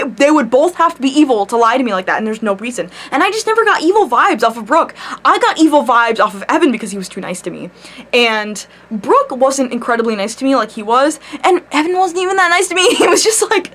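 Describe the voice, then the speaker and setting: A young woman chats into her camera at home, spinning a rambling storytime vlog. Her voice sits a little high, and she tells it in an animated way, with lots of swearing and laughter along the way. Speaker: vlogger.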